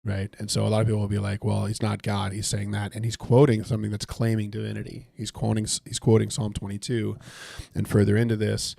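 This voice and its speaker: A man's voice: on the low side, monotone, fairly quick, creaky, mellow, no echo. A man leading a casual Bible study while gaming, talking it through conversationally with frequent restarts. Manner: conversational, thinks aloud with restarts. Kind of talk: casual Bible teaching while playing a video game.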